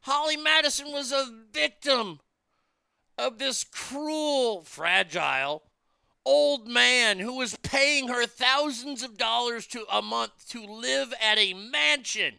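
A man's voice: very high voice, expressive, slow pace, gravelly, sharp tone, smooth, no echo, studio quality. A man hosting a podcast, delivering a blunt, profane, exasperated opinion rant. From United States.

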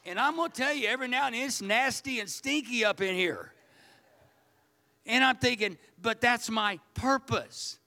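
A man's voice: very high voice, lively intonation, normal speed, sharp tone. A man preaching a sermon, telling a personal story in a folksy, repetitive way. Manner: folksy, storytelling, repeats words. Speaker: pastor.

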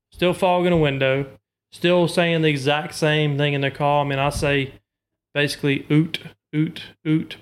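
A man with a slightly higher voice explains duck calling in relaxed, conversational detail. He talks patiently, walking through each step with homely examples. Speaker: duck call instructor. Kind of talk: casual instructional chat.

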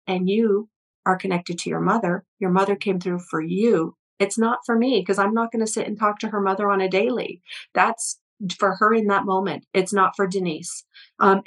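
A middle-aged woman speaking as a guest healer in an interview, earnest and storytelling, with a steady middle pitch. She often restarts with repeated words as she warms into each anecdote. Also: normal speed, poor audio. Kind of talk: conversational interview.

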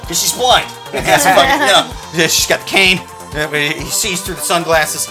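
A man's voice: fairly high pitch, moderate pace, music in the background. A man co-hosting a comedy podcast, ranting profanely in casual banter. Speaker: podcast co-host.

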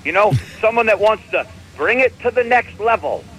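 New man, high voice, sarcastic comic stories, animated, chuckling. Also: normal speed, rough recording. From New England. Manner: animated, laughing at his own jokes, sarcastic. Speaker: comedian host. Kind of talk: comedic storytelling.

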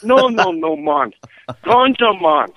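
A man's voice: high-pitched, animated, takes it slowly, a bit bright, no echo, pitched above the performer's own voice, full character voice. Pushy beach dealer, as a man puts him on. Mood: insistent. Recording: tinny phone line.

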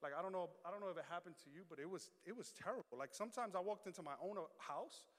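A man preaching a sermon as pastor, animated, dropping low and quiet then building to loud shouts. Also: very fast. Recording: long hall reverb.

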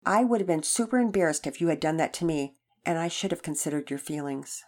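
A woman reading a storybook and voicing an earnest young boy who is eager to make things right, in a high, keen voice. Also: expressive, brisk, a little mellow.

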